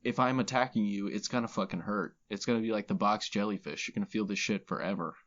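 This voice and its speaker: A man's voice: on the low side, fast talker, fairly bright tone, lo-fi sound. A man co-hosting a podcast, talking bluntly and casually about rap lyrics with plenty of swearing. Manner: blunt, laid-back, heavy swearing. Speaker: podcast co-host.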